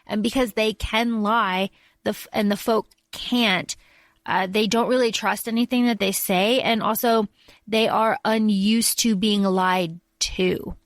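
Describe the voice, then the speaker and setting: A woman's voice: mid-range voice, fairly even intonation, a little slow, no echo. A woman co-hosting a podcast, explaining points with examples in casual chat. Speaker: podcast co-host.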